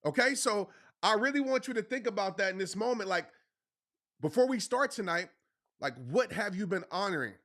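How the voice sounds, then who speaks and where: A man's voice: sits high, animated, normal speed, bright, forceful tone. A man hosting a livestreamed motivational talk, speaking passionately and pushily, repeating phrases for emphasis with casual slang. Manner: casual slang, addresses the audience as y'all.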